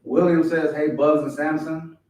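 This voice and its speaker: A man co-hosting a podcast, relaxed, reading out viewer comments in casual chat. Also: fairly high pitch, normal speed. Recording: very echoey, far from mic.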